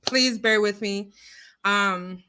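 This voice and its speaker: A woman hosting a casual livestream, loud and expressive, greeting her viewers by name in a chatty way. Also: mid-range voice, takes it slowly, clear, resonant tone. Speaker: livestream host. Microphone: computer mic, streaming software.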